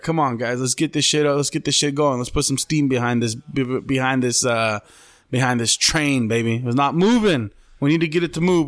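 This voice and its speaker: A man's voice: mid-range voice, a bit bright, no room sound. A man co-hosting a casual podcast, swearing freely and laughing as he acts out quotes. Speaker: podcast co-host.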